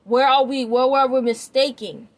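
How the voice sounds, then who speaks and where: A woman's voice: high-pitched, fairly even intonation, moderate pace. A woman giving her opinion in a rambling, emphatic vlog, often checking that the listener follows her. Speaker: vlogger. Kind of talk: opinion commentary.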